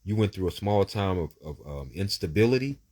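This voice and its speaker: A man's voice: sits low, expressive, brisk, darkish tone. A man giving casual live psychic readings to viewers. He talks in an emphatic, preachy way, swears freely, and repeats words and lists in bursts.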